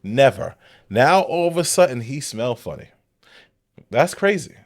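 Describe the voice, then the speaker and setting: Blunt and incredulous, this man gives casual commentary on a clip as a reaction commentator. Big pitch swings carry his voice between low and high at a measured pace, and the sound is dry, without any echo.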